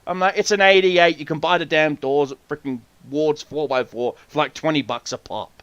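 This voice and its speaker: A man hosting a podcast, telling hunting stories in a casual, profane, animated way and acting out the people he quotes. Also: a little high, moderate pace, dry recording, lo-fi sound. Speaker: podcast host. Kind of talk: casual storytelling chat.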